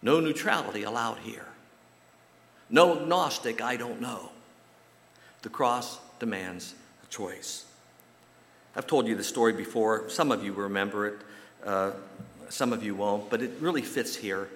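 A man's voice: on the low side, normal speed. A man from the United States preaching a sermon and telling a personal story in a folksy way. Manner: folksy storytelling, animated when quoting others. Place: church sanctuary. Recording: roomy echo with long hall reverb.

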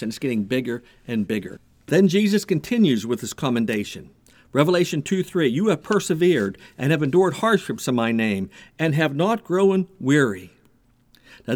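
Lively male preacher. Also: a little high. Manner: animated preaching with repetitions and a told joke. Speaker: pastor. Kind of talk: sermon.

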